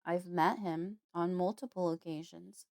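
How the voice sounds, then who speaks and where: A woman voicing a gentle, protective uncle, speaking in a calm, soothing and measured way. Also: fairly low pitch, gravelly, no echo, studio quality.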